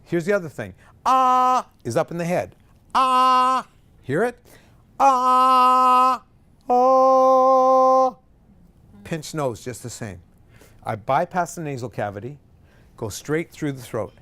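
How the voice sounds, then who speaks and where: A middle-aged man directing a choir, coaching vowels and pitch and singing example notes himself, with jokey asides. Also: sing-song, normal speed. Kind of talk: vocal warm-up lesson. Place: rehearsal room with a choir.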